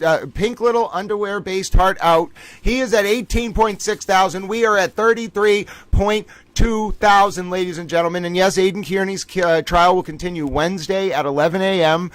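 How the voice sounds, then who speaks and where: A man hosting a livestream, giving animated, theatrical commentary on court trials and talking straight to his viewers. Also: high-pitched, moderate pace, few pauses, no echo. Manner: animated, theatrical, keeps saying "ladies and gentlemen".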